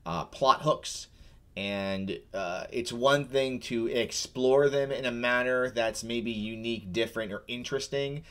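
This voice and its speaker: A man's voice: mid-range voice, a little slow. A man co-hosting a chat show about tabletop games, talking casually and teasing his co-host. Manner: rambling, teasing, many restarts. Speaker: podcast co-host.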